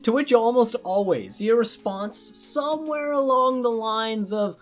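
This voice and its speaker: A young woman hosts a comic explainer, sarcastic and crude, now and then sliding into mock voices. Her pitch swoops and bounces a lot. Faint music plays under her voice. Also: animated, moderate pace. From Canada. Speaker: YouTuber. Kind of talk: comedic explainer monologue.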